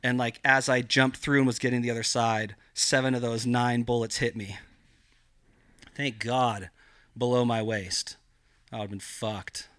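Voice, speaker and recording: A man's voice: mid-range voice, unhurried, dry recording, clean studio sound. A man telling a personal story on a podcast, swearing constantly and filling his talk with "like" and "dude.". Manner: profane, animated, heavy filler "like". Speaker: podcast guest. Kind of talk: casual storytelling.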